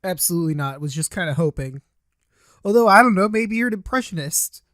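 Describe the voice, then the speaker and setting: A woman's voice: fairly low pitch, animated, brisk, fairly bright tone, no room sound. A woman hosting a let's play, chatting wryly and teasing the characters. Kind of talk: casual commentary with character voicing.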